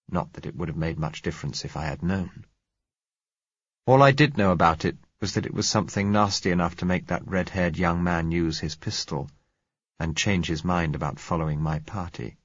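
A man narrating a novel in the first person, measured and reflective. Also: low-pitched, fairly bright tone, no echo, highs cut off.

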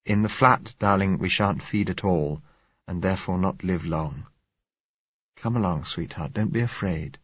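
Man reading a gentle, coaxing young man, low and husky, dull dry sound. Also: a little slow, no echo, heavily acted. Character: tender, resigned young man. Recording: slightly dull recording.

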